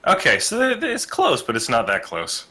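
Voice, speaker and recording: A man's voice: medium pitch, wildly swooping pitch, normal speed, sharp tone, breathy edge. A man playing a tabletop role-playing game, talking hesitantly and sometimes speaking politely in character. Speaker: player.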